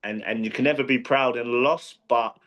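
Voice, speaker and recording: A professional boxer being interviewed, talking casually with many restarts and fillers. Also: male voice, medium pitch, fairly even intonation, brisk, a bit bright, lo-fi sound. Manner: rambling, frequent restarts and fillers.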